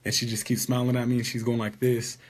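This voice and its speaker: Husky man telling a story indignantly. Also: mid-range voice, level tone, quick pace. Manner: indignant, rambling recounting. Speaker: vlogger. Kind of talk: casual storytelling.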